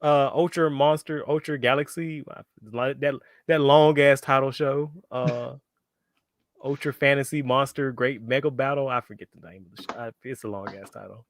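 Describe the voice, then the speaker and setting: A man's voice: medium pitch, steady tone, normal speed, dry recording, clean studio sound. A man co-hosting a podcast in casual chat, throwing in playful, teasing quips. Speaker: podcast co-host.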